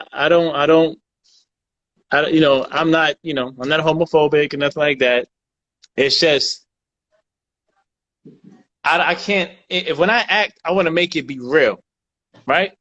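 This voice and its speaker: A man's voice: on the high side, unhurried, pauses often, fairly bright tone. A man, an actor and co-host, talking bluntly and emphatically in casual podcast chat, often repeating himself. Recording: dull lo-fi recording.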